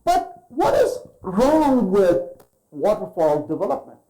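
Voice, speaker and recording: A man's voice: high-pitched, huge pitch swings, slow, dark tone, rough recording. A man giving a conference keynote, firing rhetorical questions at the audience and acting out quoted voices. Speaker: keynote speaker.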